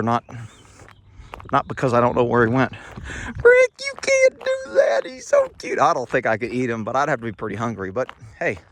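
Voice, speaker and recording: Walking outdoors on rural land, a middle-aged man talks into the phone in his hand, slightly winded, with a medium-pitched, somewhat bright voice. This vlogger's monologue is casual, blunt and rambling, sprinkled with chuckled asides, and the recording carries a little hiss or hum.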